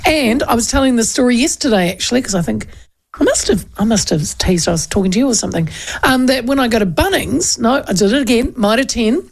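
A woman in her fifties with a New Zealand accent, hosting a radio show and chatting casually with quick, storytelling asides. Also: a little high, animated, vocal fry. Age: 50s. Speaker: radio host. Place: radio studio, on camera with headphones.

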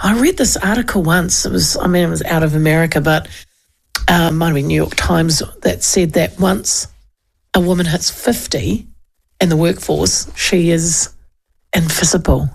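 A woman in her fifties with a New Zealand accent, hosting a radio show and chatting casually with quick, storytelling asides. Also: fairly low pitch, gravelly, breathy edge. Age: 50s. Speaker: radio host. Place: radio studio, on camera with headphones.

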